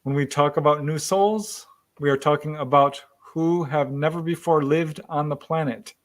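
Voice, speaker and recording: A man guides a hypnosis session with calm, gentle questions. His voice sits a little higher than most men's, and he keeps his prompts short and patient. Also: normal speed. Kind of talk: replaying a hypnosis session recording.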